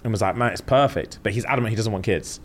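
A man's voice: lowish voice, fast, a little hiss or hum. A young man, a podcast co-host telling stories in casual chat and acting out what people said. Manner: animated storytelling, acting out quotes with slang.

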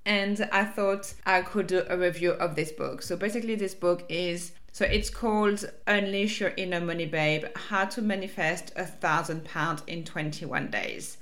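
A woman's voice: mid-range voice, a bit bright. A woman with a French accent hosting her own podcast as a life coach, talking casually and upbeat with fillers and restarts.

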